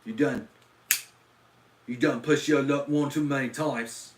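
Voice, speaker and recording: A man voicing a rough working-class London tough guy in an exaggerated Cockney accent, coarse, loud and threatening. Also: medium pitch, steady tone, measured pace, a little hiss or hum, pitched above the performer's own voice, natural voice. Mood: belligerent. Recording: roomy echo.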